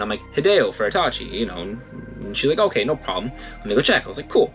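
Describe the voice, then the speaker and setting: A man's voice: medium pitch, fast talker, few pauses, highs cut off, soft background music. A young man in casual storytelling, rambling and correcting himself, acting out what others said. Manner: rambling, self-correcting, animated quoting. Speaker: vlogger.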